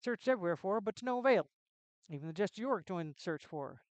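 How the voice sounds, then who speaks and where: A woman's voice: mid-range voice, expressive, fast talker, a little mellow, dry recording, muffled recording, close to an everyday voice. A woman voicing a solemn male castle gatekeeper, reading the game's lines in plain speech. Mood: informative. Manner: plain game-text reading.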